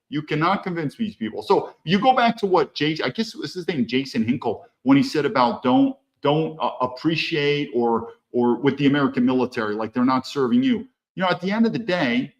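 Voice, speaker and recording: A man's voice: medium pitch, dull audio. A man hosting a podcast, commenting on a clip in a conversational way with hesitant restarts. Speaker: podcast host.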